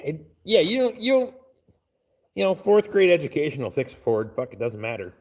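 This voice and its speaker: On a live stream, a somewhat high-pitched man with a gravelly voice talks crudely, swearing almost every line at normal speed. He is very animated, his pitch swinging widely, as he reads chat aloud and answers bluntly and offhandedly.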